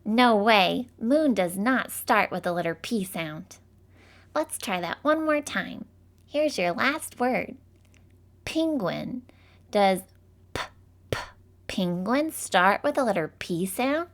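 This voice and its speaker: A woman teaching phonics to young children in a slow, sing-song, encouraging way, drawing out each sound. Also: mid-range voice, lively intonation.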